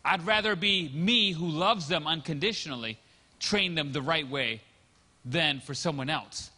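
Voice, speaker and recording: A man's voice: fairly high pitch, a little slow, pushed and bright. A middle-aged man preaching a sermon as pastor, telling stories and acting out the quotes of the people in them. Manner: storytelling, acts out quotes. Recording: long hall reverb.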